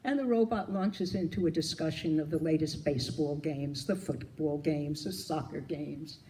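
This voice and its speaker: A man telling jokes at a memorial gathering, in a lively storytelling manner with acted-out quotes. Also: a little high, moderate pace, a little hiss or hum, poor audio. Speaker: memorial speaker.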